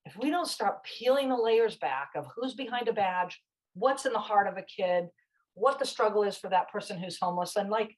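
A woman's voice: medium pitch, lively intonation, moderate pace, low-quality recording. A woman guest in a conversation, telling a story in a passionate, emphatic, chatty way.

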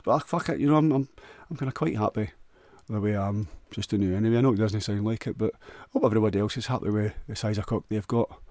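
A man's voice: lowish voice, fast talker, hardly any pauses, darkish tone, dry recording, clean studio sound. A man with a Scottish accent rambling crudely through a jokey solo monologue, often restarting and stumbling over words.

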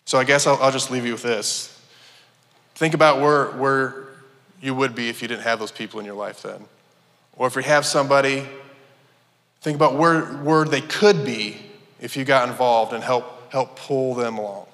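A man sharing a personal testimony in a church, earnest and halting, with many restarts. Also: mid-range voice, a bit bright. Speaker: church member giving testimony. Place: church sanctuary. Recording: long hall reverb.

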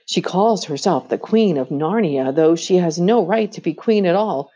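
A woman doing an excited little girl. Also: on the low side, moderate pace, breathy edge, muffled recording. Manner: breathless, eager.

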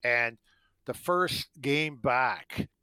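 Middle-aged guy from canada rambling thru old hockey stories, bright forceful voice, dry sound. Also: medium pitch, drawn-out words, clean tone, dry recording, low-quality recording. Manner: rambling anecdotes full of fillers, acting out quotes. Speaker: guest, former hockey player. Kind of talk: storytelling in an interview.

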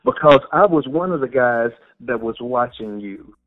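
A man's voice: medium pitch, expressive, normal speed, narrow, tinny audio. A man hosting a podcast who tells a childhood story in a reflective way and affirms his guest often. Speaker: podcast host. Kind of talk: conversational interview.

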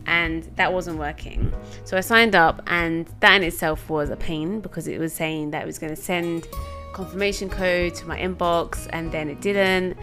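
Woman, English accent, podcast host, chatty and candid, lowish voice, faint music behind. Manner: chatty, candid, rambling storytelling. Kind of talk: casual solo podcast monologue.

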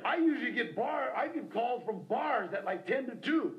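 A middle-aged man speaking at a recovery meeting, telling his personal story in an impassioned, animated way and acting out other people's voices. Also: extremely high pitch, moderate pace, few pauses, muffled recording, a little hiss or hum. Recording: roomy hall on cassette tape.

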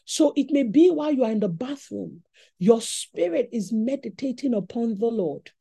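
A woman with a Nigerian accent preaching a sermon in an animated teaching style. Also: on the high side, normal speed, vocal fry, husky.

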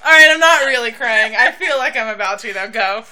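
A woman's voice: a little high, expressive, bright, forceful tone. A woman co-hosting a podcast, giggly and emotional in casual chat. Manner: giggly, emotional, quick to tear up. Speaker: podcast co-host.

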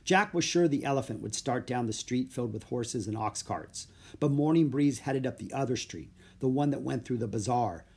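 Husky man reading a children's story. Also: medium pitch, moderate pace. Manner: steady, plain storytelling. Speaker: narrator. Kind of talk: children's audiobook narration.

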